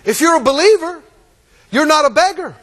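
A man preaches with a strikingly high, animated voice, hammering phrases through repetition and asking the congregation to answer back. His pitch swings widely as he presses each point. The sound carries a long reverb from a large hall. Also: moderate pace. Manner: emphatic, repetitive, call-and-response. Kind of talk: sermon.

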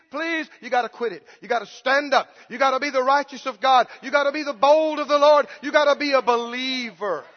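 A man preaches with fervor in a very high voice, swinging between hushed, whining imitations of someone begging and loud, bold proclamations. His voice rings through a church hall with a long reverb tail. The recording sounds muffled and lo-fi. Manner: impassioned, mimics pleading beggars in a whimper. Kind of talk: sermon.

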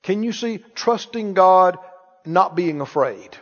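A man with a high voice preaches slowly and emphatically, drawing out his words as he leads the congregation to repeat after him. His voice rings through a large hall with long reverb, recorded with a slightly dull, muffled tone. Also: animated. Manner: emphatic, call-and-response leading. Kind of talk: sermon. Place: church sanctuary.

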